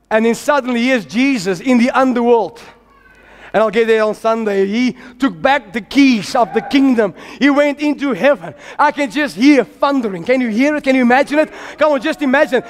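Man, preacher, sermon, very high voice, fervent, exhorting, call-and-response. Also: normal speed. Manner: fervent, exhorting, builds to shouts; calls on the congregation to repeat after him.

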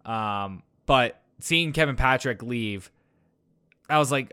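A man's voice: medium pitch, slow pace, sharp tone, smooth, no echo, studio quality. A man co-hosting a wrestling podcast, talking in a hyped, loose, rambling way and swearing. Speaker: podcast co-host. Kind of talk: casual wrestling podcast chat.

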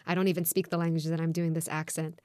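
Low-voiced woman, candid and reflective. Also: level tone, quick pace, a little mellow, dry recording, clean studio sound. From grew up outside Australia. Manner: reflective, candid, laughs often. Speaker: podcast co-host. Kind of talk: casual chat.

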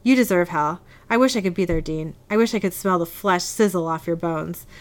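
A woman's voice: lowish voice, brisk, natural voice. A woman reading the lines of a spiteful young female demon in a venomous, snarling tone.

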